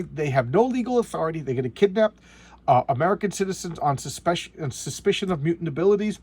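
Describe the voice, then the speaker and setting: A man's voice: on the high side, a little mellow. A man talking casually and sarcastically about an old comic, rambling with many restarts and trailing asides. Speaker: comic book reviewer. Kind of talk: casual comic review monologue.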